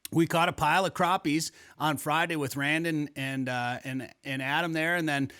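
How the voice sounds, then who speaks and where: A man's voice: fairly high pitch, fairly even intonation, normal speed, bright, forceful tone, clear, resonant tone. A man hosting a podcast, telling fishing stories in a rambling way with many restarts. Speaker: podcast host. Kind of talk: casual conversational interview.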